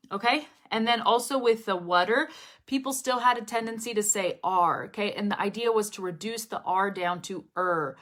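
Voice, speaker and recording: A woman's voice: mid-range voice, fairly quick, a bit bright. A woman teaching English pronunciation in a casual live lesson, repeating drill phrases over and over and often checking in with "okay?".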